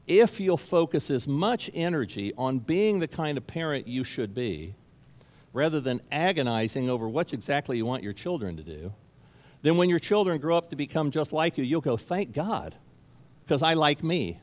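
The pastor's sermon rings through a big hall with lengthy reverb. He has a darkish, expressive voice on the high side, delivered at a moderate pace, and he hammers points by repeating key phrases with emphasis.

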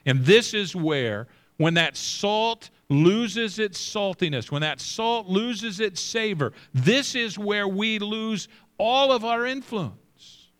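Preaching emphatically, a middle-aged male pastor slows his delivery, repeats phrases, and drops his voice low for scripture passages. The sound is a bit bright.

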